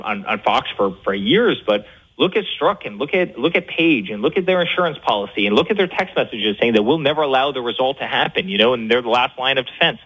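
A man talking as a guest in a fast talk-show interview, stumbling over repeated words and fillers with rising indignation. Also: mid-range voice, slightly rough, highs cut off.

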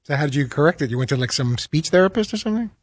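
A man with a slight lisp trades jokes with his co-hosts, quick and self-mocking. He talks fast in a slightly higher voice. The sound is dry and close to the mic. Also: animated, slightly rough, no room sound. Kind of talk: casual studio banter.

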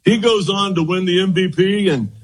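An older man, a former pitcher, telling animated stories and laughing often as he looks back on his career. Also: normal speed, slightly rough, rough recording. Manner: animated anecdotes, laughs often, frequent "as you know". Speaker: former baseball pitcher, guest. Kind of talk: reminiscing storytelling.

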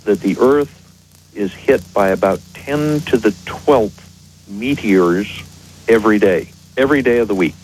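Man, radio guest expert, low voice, measured and precise, faint background hiss. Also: darkish tone, poor audio.

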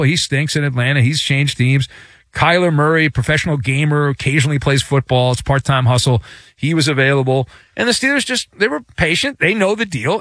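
A man's voice: on the high side, no echo, studio quality. A man hosting a sports talk show, giving sarcastic, opinionated commentary and mocking the team he discusses. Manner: animated, sarcastic, mocking quarterbacks and owners.

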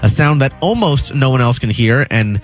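A man's voice: mid-range voice, lively intonation, normal speed, soft background music. A man giving an entertainment news segment on a radio show, casual and hesitant with lots of filler sounds.

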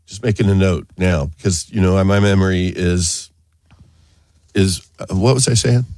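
A man's voice: deep voice, normal speed, a little mellow, no room sound. A man hosting a talk show, chatting casually, rambling and laughing often. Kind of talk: casual on-air chat.

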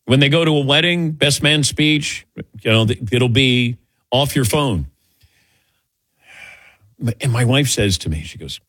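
A man's voice: mid-range voice, expressive, measured pace, long pauses, fairly bright tone, no echo, clean studio sound. A middle-aged man answering audience questions in a casual, rambling, self-mocking way, telling little stories.

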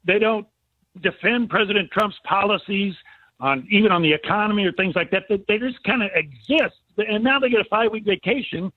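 Fed-up guy calling in, high voice, kinda husky, thin phone sound. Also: brisk, no room sound. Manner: exasperated, repetitive complaining. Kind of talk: political call-in chat. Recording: narrow phone line.

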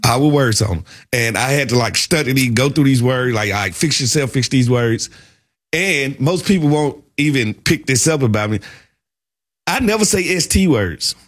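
A man with a Southern US accent, chatting on a talk show as an animated, playful storyteller. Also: medium pitch, normal speed. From American South. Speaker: show co-host. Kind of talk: casual chat.

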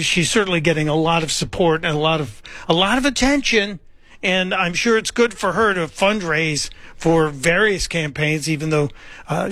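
A man's voice: sits high, sharp tone, no echo. A middle-aged man hosting political talk radio, delivering sarcastic, mocking commentary. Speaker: radio talk show fill-in host.

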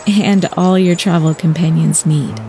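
A woman's voice: lowish voice, fairly even intonation, measured pace, music in the background. A woman reading a travel radio advertisement in an inviting tone. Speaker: ad announcer. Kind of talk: read radio ad.

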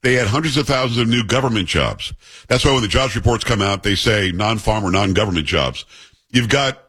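Blunt man with a husky voice. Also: fairly low pitch, animated, fairly quick, fairly bright tone. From New York. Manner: blunt, sarcastic, conversational. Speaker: host. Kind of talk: political commentary.

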